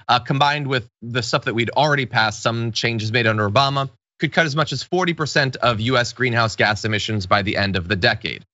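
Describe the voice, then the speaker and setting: Guy hosting a news commentary show, bright forceful voice, dry studio sound, kinda dull audio. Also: medium pitch, no echo. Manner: wry, sarcastic asides.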